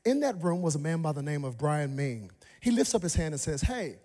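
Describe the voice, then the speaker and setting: Animated preacher in a reverberant hall. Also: male voice, a little fast. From Dallas, Texas. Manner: animated storytelling, acts out voices with high excited jumps. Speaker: pastor. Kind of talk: sermon.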